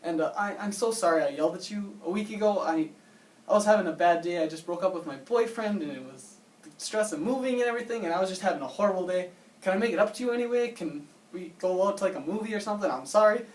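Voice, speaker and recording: A man putting on the voice of a flustered young woman neighbor, shrill and stammering. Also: quick pace, natural voice. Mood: apologetic. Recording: roomy and distant.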